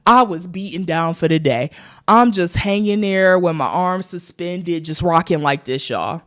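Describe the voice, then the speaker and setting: A woman's voice: fairly low pitch, unhurried. A young woman vlogging, telling a travel story casually and animatedly to her viewers. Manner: animated, addresses viewers as y'all.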